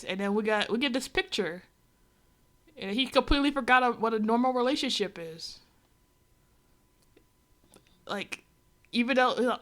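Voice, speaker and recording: A woman's voice: on the high side, brisk, pauses often, fairly bright tone. A woman streamer giving a rambling, sarcastic, exasperated running commentary on a comic. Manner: rambling with many asides. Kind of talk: casual reaction commentary on a comic.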